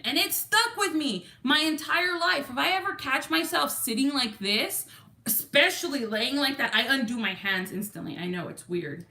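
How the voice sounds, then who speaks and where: A woman's voice: sits high, animated, normal speed, bright, forceful tone. A woman with a Texan accent hosting a livestream, chatting casually and greeting viewers from the chat. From Texas. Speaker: livestream host.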